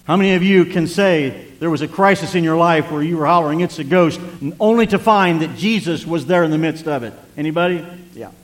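Pastor guy preaching to his church, kinda high voice, chatty and jokey between verses, big echo off the sanctuary. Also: fairly quick, few pauses. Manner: conversational preaching with self-deprecating asides and chuckles. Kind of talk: sermon.

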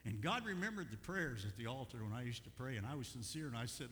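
A middle-aged man preaching a sermon, telling folksy stories with bursts of loud emphasis. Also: medium pitch, expressive, fast, few pauses. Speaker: pastor. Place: church sanctuary. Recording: long church hall reverb, faint hum.

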